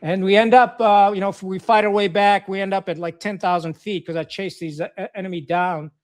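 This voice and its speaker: Blunt, high-voiced middle-aged man telling war stories. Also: steady tone, a little fast. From Pakistan. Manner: blunt, profane, many restarts and fillers. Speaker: podcast guest, retired Marine officer. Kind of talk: war storytelling in casual conversation.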